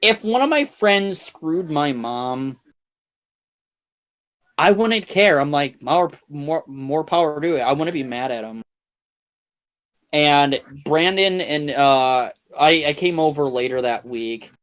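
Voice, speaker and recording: A man's voice: fairly high pitch, expressive, takes it slowly, fairly bright tone. A young man streaming a game, telling a long crude story in a casual, profane, rambling way with many restarts.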